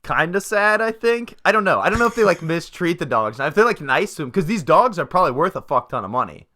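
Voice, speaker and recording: A man's voice: a little high, very animated, quick pace, bright, forceful tone. A young man co-hosting a podcast, telling loose, profane stories in casual chat. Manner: profane, rambling storytelling. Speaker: podcast co-host.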